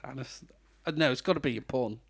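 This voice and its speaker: A man's voice: mid-range voice, a little fast, husky, no echo. A British man hosting a podcast, chatting casually about a film and laughing often. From Britain. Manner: chatty, laughs often, breaks into mock voices. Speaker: podcast host. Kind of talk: casual film review chat.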